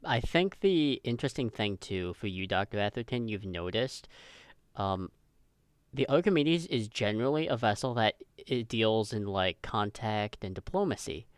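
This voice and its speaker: A man's voice: lowish voice, expressive, moderate pace, clear, resonant tone, no echo, studio quality. A man running a tabletop game as game master, thinking aloud with hedging words.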